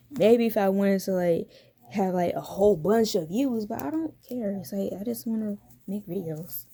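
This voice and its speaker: A young woman with a warm, mellow voice rants through a casual commentary vlog. Her talk is blunt and profane, full of slang, and broken up by easy laughter. She sounds like a YouTuber riffing straight to her viewers. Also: mid-range voice, slow, long pauses, slightly rough.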